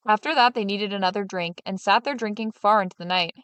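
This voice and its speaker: Woman storyteller, fairy tale reading, steady, mid pitch, dry close mic. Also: quick pace, few pauses, clean tone, no echo.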